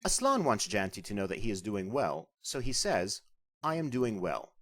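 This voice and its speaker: A man narrates a scripted beginner language lesson. He explains each point clearly and patiently. His pitch moves widely and his tone stays lively as he guides the learner. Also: normal speed. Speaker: language instructor.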